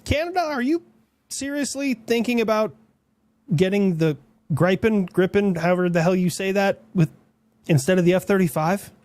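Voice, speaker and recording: A man's voice: high voice, a little fast, darkish tone, slight background noise. A man playing a blunt, crude American Uncle Sam figure in a comedy sketch.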